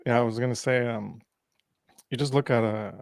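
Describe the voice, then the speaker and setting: A man on a podcast who leans hard into sarcasm, voicing views he rejects in a mocking tone. His voice is mid-pitched and dry, recorded close to the mic. Between the jokes he turns to slower, more thoughtful points. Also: gravelly, dry recording. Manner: sarcastic, mock-mocking tone, laughs. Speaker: podcast guest. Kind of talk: casual discussion.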